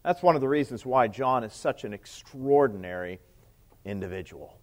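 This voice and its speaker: This man is a priest giving an animated sermon at normal speed. He talks conversationally, questions his congregation, and drops into a quiet, low voice whenever a quoted line ends.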